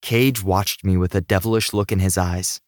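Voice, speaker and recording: A man narrating an audiobook in a steady, even storytelling manner. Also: low-pitched, moderate pace, no echo, studio quality.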